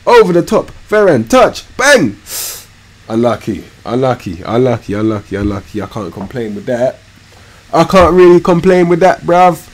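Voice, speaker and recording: A young man, giving slangy, animated live commentary on a football management game, muttering one moment and shouting the next. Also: medium pitch, moderate pace. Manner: slangy, animated, swings from mumbled asides to loud outbursts. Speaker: gaming streamer.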